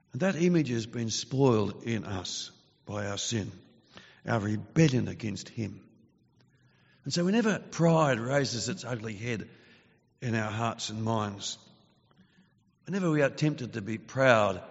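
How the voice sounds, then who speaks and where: A man preaching a sermon in an earnest, measured way, his voice growing forceful when he reads scripture. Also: medium pitch, gravelly. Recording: dull lo-fi sound with long reverb.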